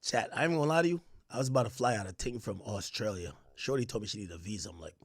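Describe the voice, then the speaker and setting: A man's voice: medium pitch, brisk, pauses often, husky, no room sound, studio quality. A young adult man hosting a casual livestream, reading chat aloud and ranting in slangy talk. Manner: animated, slangy, reads chat aloud and rants.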